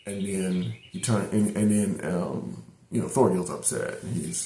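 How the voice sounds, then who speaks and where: Middle-aged male reviewer, low gravelly voice, rambling casual recap in a roomy echo. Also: unhurried, mellow, a little hiss or hum. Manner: rambling retelling with many fillers and restarts. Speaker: anime reviewer.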